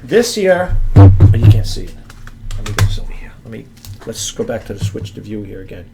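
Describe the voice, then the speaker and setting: An eBay seller vlogger casually demos an item to the camera, rambling, restarting sentences, calling viewers "folks" and "guys," and sometimes turning away from the mic as he handles it. His lowish voice is very animated, slightly fast, with vocal fry, and music plays in the background.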